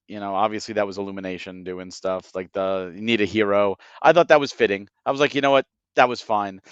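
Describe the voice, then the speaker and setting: A man co-hosting a casual podcast, rambling and excitable, jumping into quoted asides. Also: on the low side, smooth, no room sound, lo-fi sound. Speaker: podcast co-host.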